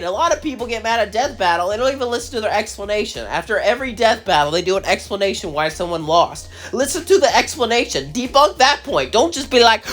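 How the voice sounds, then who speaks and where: A man hosting his own channel, telling a crossover story in a casual way and then ranting in an animated, exasperated voice, with a slight cough. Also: sits high, fairly quick, few pauses, faint music behind. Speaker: channel host, narrator.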